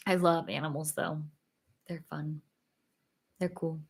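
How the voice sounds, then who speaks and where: Young woman host, casual livestream chat, lower voice, giggly, filler-heavy, a bit tired. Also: fairly even intonation, slow pace, gravelly, long pauses, husky. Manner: chatty, giggly, lots of fillers. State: a little tired.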